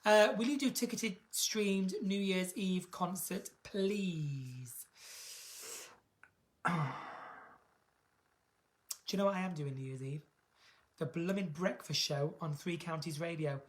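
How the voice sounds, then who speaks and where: A British woman chatting camply on a live stream from home, reading out viewer comments with big theatrical swings in pitch and loudness. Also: slow pace, pauses often. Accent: British English. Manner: camp, theatrical, reads viewer comments aloud. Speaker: singer hosting a live stream.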